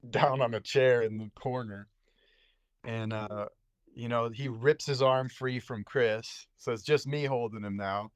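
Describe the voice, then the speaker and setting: A man's voice: medium pitch, smooth, dry recording. A man, a psychiatric nurse, telling a story as a podcast guest in a laid-back, slangy way with lots of fillers. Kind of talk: casual storytelling.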